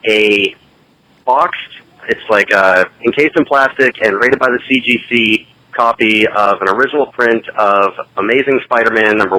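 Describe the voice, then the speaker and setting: A man with a low but bright, forceful tone rambles through a laid-back call-in message. He is crude and joking. The sound has a radio-like processed edge. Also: no echo, poor audio. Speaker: podcast co-host calling in. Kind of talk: casual recorded call-in message.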